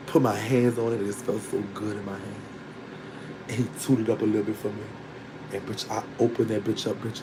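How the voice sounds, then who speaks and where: A man telling a candid personal story to his online audience in a casual, animated way, often breaking into laughter. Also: lowish voice, noisy background. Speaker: storytelling vlogger.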